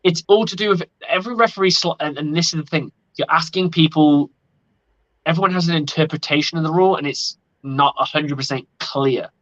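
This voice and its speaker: A man's voice: a little high, fairly quick, a bit bright. A man talking casually on a sports podcast, blunt and opinionated and swearing freely. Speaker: podcast co-host. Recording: lo-fi audio.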